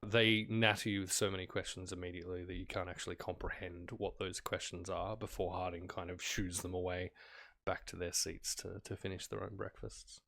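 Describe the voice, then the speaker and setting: A man narrating a tabletop game as game master, in a relaxed, meandering way. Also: low voice, a little fast, vocal fry.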